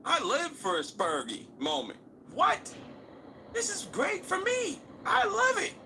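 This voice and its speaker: A man's voice: very high voice, huge pitch swings, slow, a little hiss or hum, voice pushed up, exaggerated voice. A man putting on a giddy mocking troll. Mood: mocking glee. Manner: gushing, exaggerated glee. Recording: loud game music behind voice.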